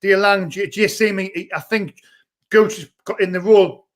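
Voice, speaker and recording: Fan-channel host: young man, high-pitched, eager match commentary. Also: steady tone. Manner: shouts and rushes during attacks, chats between. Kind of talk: excitable live fan commentary.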